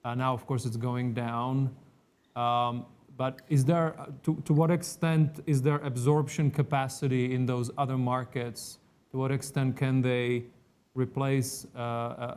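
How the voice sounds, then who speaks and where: A man moderates a conference panel in a flat, even tone, politely putting follow-up questions to a guest. He hesitates often, filling his pauses with short sounds as he works toward each question. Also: medium pitch, smooth.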